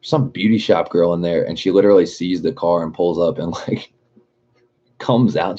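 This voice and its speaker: Young guy streaming, deep mellow voice, cusses a lot, laughs, kinda muffled audio. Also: steady tone, normal speed, breathy edge. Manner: profane, laughing, rambling. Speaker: livestream host. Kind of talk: casual chat with live chat readers.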